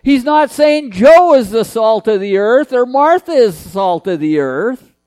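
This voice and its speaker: A man's voice: very high voice, big pitch swings, a little slow, warm tone, no room sound. A man preaching a sermon in an earnest, emphatic way, repeating key phrases.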